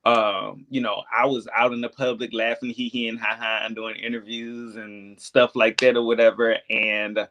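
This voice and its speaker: Guest: thirty-year-old man, soft-spoken and reflective, halting delivery full of "um"s, mid-range voice. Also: mid-range voice, flat delivery, muffled recording. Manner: hesitant, reflective, many filler ums. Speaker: podcast guest. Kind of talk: candid conversation.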